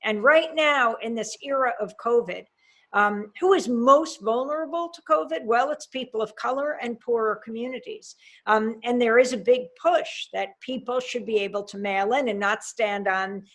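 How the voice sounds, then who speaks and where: A woman hosting an interview, asking brisk, direct questions. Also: on the high side, fairly bright tone. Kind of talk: interview host.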